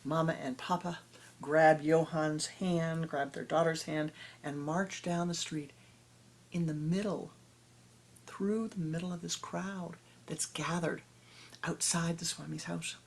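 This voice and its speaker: Low gravelly-voiced woman telling a hushed story. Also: steady tone, slow. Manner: dramatic, rhythmic, often hushed storytelling. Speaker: spiritual teacher. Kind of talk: storytelling in a meditation talk.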